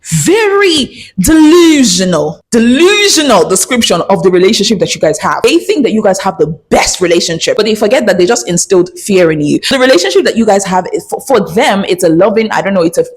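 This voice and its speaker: A young woman, ranting in a sarcastic, chatty storytime vlog. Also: medium pitch. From Nigeria. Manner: animated, sarcastic, quick and chatty. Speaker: vlogger. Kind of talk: storytime rant.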